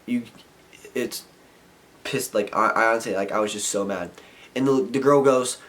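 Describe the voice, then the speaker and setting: A man's voice: medium pitch, moderate pace. A young man vlogging, ranting in a frustrated, rambling way and filling his talk with "like". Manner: frustrated rambling, heavy filler "like". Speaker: vlogger and skater. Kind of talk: casual ranting vlog.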